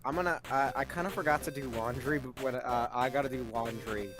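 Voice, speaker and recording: A co-host in casual comedic chat, breaking into loud excited outbursts and swearing. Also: mid-range voice, a little fast, over loud music. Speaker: podcast co-host.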